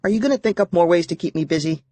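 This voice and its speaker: A man reading an audiobook and voicing a timid young girl in a soft, high, childlike voice. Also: expressive, racing, no room sound. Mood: wry.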